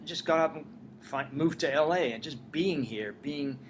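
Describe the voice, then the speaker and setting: A man's voice: on the high side, normal speed, slight background noise. An older man, a writer-director and former singer, telling his career stories in a casual interview, acting out the dialogue he quotes. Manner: animated storyteller, acts out dialogue in quotes. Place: Los Angeles.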